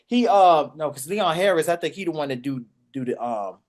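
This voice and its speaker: Dc man telling a story on a podcast, loud and animated, does all the voices. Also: fairly high pitch, brisk. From Washington, DC. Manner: animated, acts out voices and shouts. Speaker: podcast co-host. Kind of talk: casual storytelling.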